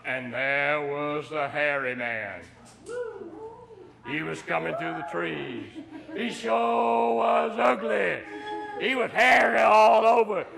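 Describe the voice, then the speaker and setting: A high-voiced man tells a folktale aloud to a group of children. His voice is bright and ringing, and he reads in a folksy way, acting out the shouts and the dogs himself. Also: creaky. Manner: folksy, acts out dog yelps and hollers. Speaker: storyteller reading to children. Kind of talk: animated read-aloud storytelling.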